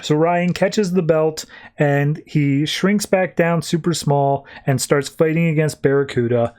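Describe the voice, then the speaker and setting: A man's voice: a little high, measured pace, a little mellow. A podcast co-host, a man with a slightly raised voice, casually walks through a comic book plot. He talks in a loose, offhand way, restarting sentences and tossing in wry asides.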